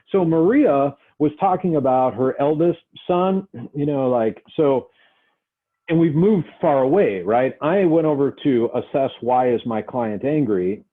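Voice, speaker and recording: Man lecturing through a tinny line. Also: medium pitch. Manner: conversational, acts out example dialogues. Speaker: instructor. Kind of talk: recorded lecture. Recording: tinny phone-like audio.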